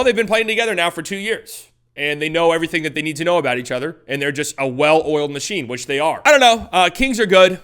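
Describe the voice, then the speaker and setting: A young man breaking down basketball game film in a casual, animated way, laughing and mocking the plays as he goes. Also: mid-range voice, smooth. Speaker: basketball analysis host.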